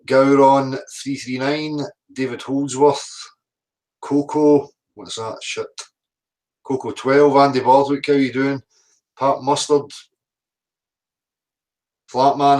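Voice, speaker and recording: A Scottish man hosts a relaxed livestream, chatting and rattling through viewers' names one after another. His voice sits at a middle pitch, with the plain sound of a video call. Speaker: livestream host. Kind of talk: casual livestream chat.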